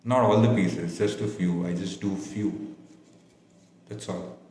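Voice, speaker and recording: A man facilitating a workshop, leading a guided self-reflection meditation with slow, repetitive, soothing affirmations. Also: sits low, fairly even intonation, dark tone, reverberant, a little hiss or hum.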